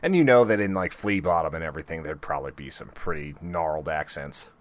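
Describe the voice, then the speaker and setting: Very low-voiced laid-back co-host man. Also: expressive, fast talker. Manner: laid-back, chuckles often. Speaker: podcast co-host. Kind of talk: casual TV recap chat.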